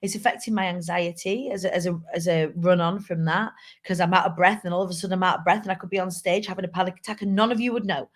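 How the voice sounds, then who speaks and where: Lowish-voiced lady chatting openly to her live viewers. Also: steady tone, fast, hardly any pauses. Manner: candid, chatty, reads out comments. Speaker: live show host and speaker. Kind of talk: casual live-stream talk.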